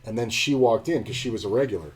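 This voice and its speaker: A man's voice: lowish voice, quick pace. A man streaming poker and telling a rambling, blunt, profane story in casual chat.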